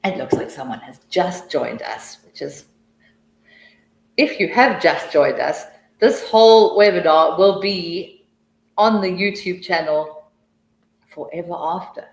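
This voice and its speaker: A woman's voice: fairly low pitch, takes it slowly, gravelly, pauses often. A woman presenting a teaching webinar, answering questions in a chatty, enthusiastic way with rambling explanations and restarts. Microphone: video call. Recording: echoey room.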